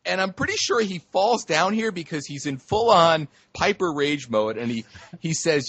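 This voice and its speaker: A man co-hosting a casual movie review podcast, enthusiastic and quick to chuckle along. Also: sits high, expressive, fairly bright tone, husky, no room sound. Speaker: podcast co-host.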